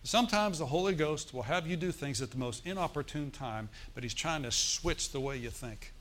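Against slight background noise, a man with a voice on the high side preaches at a moderate pace. The pastor tells stories animatedly, acts out forced laughter, and asks his congregation for responses.

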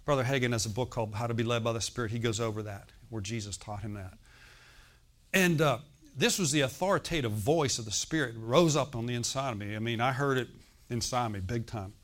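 Male pastor, sixties, animated sermon storyteller, acts out dialogue, quiet asides. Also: a little fast. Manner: animated storytelling, acting out quoted dialogue with rising pitch and volume; drops into quiet, confiding asides. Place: church.

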